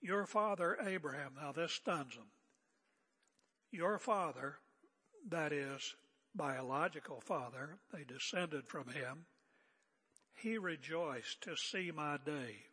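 A man's voice: fairly high pitch, takes it slowly, pauses often, pushed and bright, husky, big-room sound. An older man preaching an expository sermon as pastor, conversational and emphatic with joking asides.

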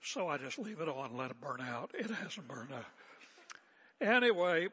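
A man's voice: on the high side, big pitch swings, unhurried, pauses often, bright, forceful tone, breathy edge, in a large hall. An older man preaching an expository sermon as pastor, conversational and emphatic with joking asides.

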